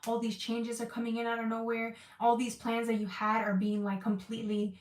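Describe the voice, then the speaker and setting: A woman's voice: a little high, monotone, fairly quick, recorded from a distance. Female tarot reader, earnest and repetitive, recorded in an echoey room off-mic. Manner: emotional, repetitive, searching for words. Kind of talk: casual tarot reading.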